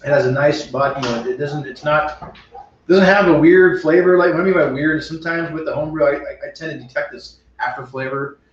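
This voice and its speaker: A man's voice: fairly high pitch, a little fast. Easygoing man, echoey and distant. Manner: easygoing, short agreeing replies. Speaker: homebrew show co-host. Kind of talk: casual chat. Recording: echoey room, mic far off, dull.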